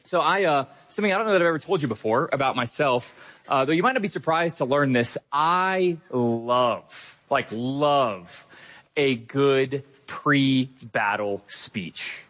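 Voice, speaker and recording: A man's voice: medium pitch, unhurried, a bit bright. A male pastor preaching a sermon verse by verse, conversational and emphatic, with casual asides.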